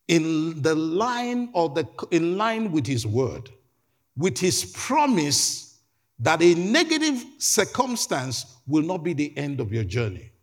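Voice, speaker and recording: Husky emphatic male preacher. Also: on the high side. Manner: emphatic, repeats words, calls for amens. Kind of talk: sermon.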